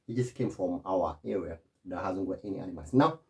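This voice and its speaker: A man's voice: low voice, fairly quick, creaky. A middle-aged man talking in a rambling, digressive monologue, often calling the listener "my friend". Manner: animated, keeps saying "my friend", digressive.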